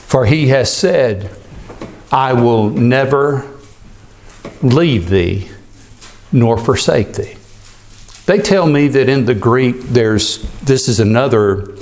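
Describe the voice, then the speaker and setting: A man's voice: mid-range voice, a little mellow. A man preaching a sermon, reading scripture aloud and lifting his voice on key phrases. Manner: slow, deliberate preaching with rising emphasis on quoted scripture. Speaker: pastor.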